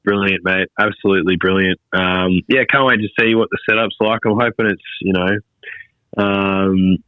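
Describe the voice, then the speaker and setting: Brief: sick man, remote podcast co-host, easygoing with hesitant ums, lowish voice, dry muffled call audio. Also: steady tone, normal speed, clear, resonant tone, no room sound. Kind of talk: casual racing podcast chat.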